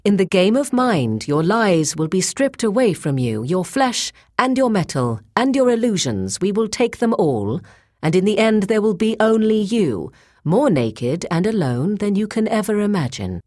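A woman's voice: very deep voice, lively intonation, a little slow, a little mellow, no room sound, studio quality, heavily acted. Woman voicing a proud, ageless woman sage. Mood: stern.

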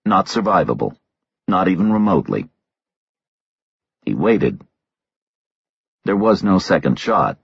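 A man narrating a thriller audiobook in a measured, terse delivery on a slightly dull recording. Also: deep voice, gravelly, slightly rough, dry recording.

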